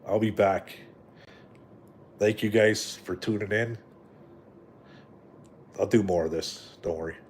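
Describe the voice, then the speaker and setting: Unhurried and pausing often, a middle-aged man from Canada hosts a live stream in a lowish, somewhat mellow voice. He rambles casually and profanely, full of fillers and "right?" tags, over slight background noise.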